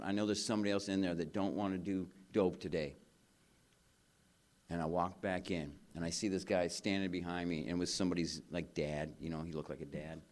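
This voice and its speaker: A man's voice: low-pitched, darkish tone. A man speaking at a recovery convention, telling his story in an earnest, rambling way, with lots of "man" and "you know". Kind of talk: personal recovery share. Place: convention stage before a live audience.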